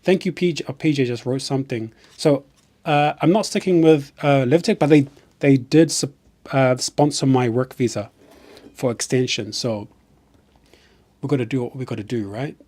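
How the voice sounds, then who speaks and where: A man's voice: medium pitch, moderate pace, warm tone. A man from New Zealand with a New Zealand accent, chatting casually on a live stream in a rambling way and often restarting his sentences.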